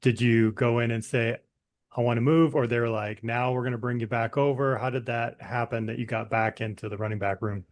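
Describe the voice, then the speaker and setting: A man co-hosting a podcast, asking measured interview questions. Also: medium pitch, steady tone. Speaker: podcast co-host.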